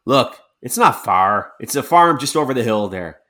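A man voicing a suspicious, ragged male halfling soldier who talks in a gruff, brusque way. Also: mid-range voice, animated, normal speed, pushed and bright. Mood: insistent.

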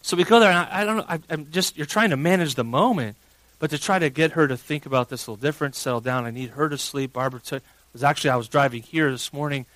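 Animated pastor preaching, dry sound. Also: male voice, a little high, fast talker, no room sound, low-quality recording. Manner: animated storytelling, swings from hushed to loud. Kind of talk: sermon.

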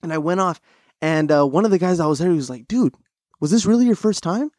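A young man with a slightly raised voice hosts a casual podcast chat. He tells stories in an animated way, stumbling over fillers and restarts. His voice is close and dry, with no room sound. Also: a little high, quick pace, no room sound. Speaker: podcast host.

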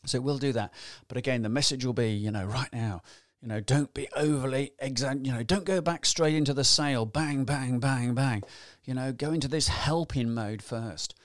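A man giving a chatty, energetic motivational business talk, firing rhetorical questions and acting out examples. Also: mid-range voice, moderate pace, dry recording, clean studio sound. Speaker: business trainer.

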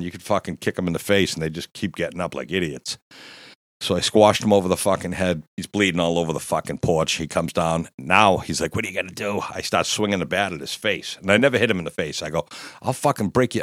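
Low-voiced man telling a profane story. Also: no echo, clean studio sound. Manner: profane, laughing, animated storytelling. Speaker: guest storyteller. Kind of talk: casual storytelling chat.

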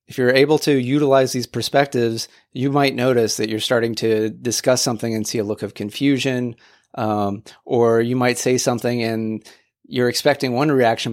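Man, solo podcast host, casual rambling delivery, restarts, mid pitch. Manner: rambling, many restarts, acts out quoted voices.

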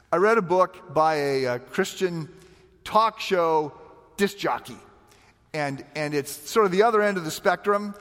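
A pastor preaching with a high voice, in a chatty and animated way, often restarting and repeating words. His voice carries the long reverb of a large hall. He sounds like a man talking straight to his congregation. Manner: conversational, animated, repeats words when starting sentences. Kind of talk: sermon.

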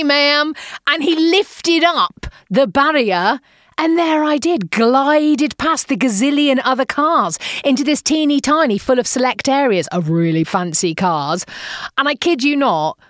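A woman's voice: high voice, lively intonation, a little slow, dry recording, studio quality. A middle-aged English woman from England, telling a playful, self-amused story in a chatty monologue. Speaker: vlogger.

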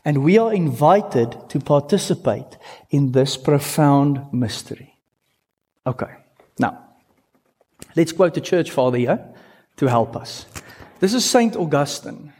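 Animated man preaching a sermon. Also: fairly high pitch, breathy edge. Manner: animated, stretches key words slowly for emphasis; asks the congregation questions, playful asides. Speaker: pastor.

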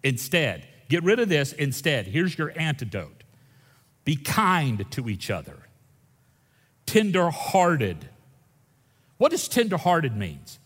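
Folksy pastor preaching in a hall. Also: male voice, fairly high pitch, measured pace, breathy edge. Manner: folksy, animated, swings between loud and hushed. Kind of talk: sermon. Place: church sanctuary. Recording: long reverb in a large hall.

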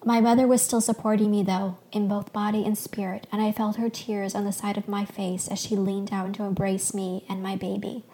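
A woman podcast host reading her own fictional story aloud, soft and expressive. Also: medium pitch, normal speed, hardly any pauses, a little hiss or hum.

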